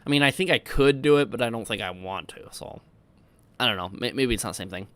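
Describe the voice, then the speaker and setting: A man's voice: mid-range voice, quick pace, sharp tone, clean tone, no echo. A man in his twenties from Iowa, rambling and correcting himself as he casually answers viewer questions on a stream. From Iowa, United States. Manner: rambling, self-correcting, easygoing. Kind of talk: casual livestream Q&A chat.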